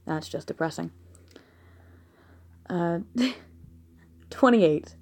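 A woman's voice: fairly low pitch, expressive, extremely slow, darkish tone. Blunt, giggly woman from the American South. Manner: frank, blunt, giggly asides. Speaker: audio creator answering listener questions. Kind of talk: casual question-and-answer monologue. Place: at home with a dog nearby.

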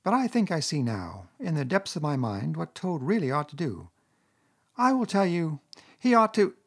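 A man's voice: on the high side, very animated, normal speed, husky, pitched above the performer's own voice, full character voice. A man voicing a sensible, anxious male water rat who pleads and frets. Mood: thoughtful. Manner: fussy and pleading.

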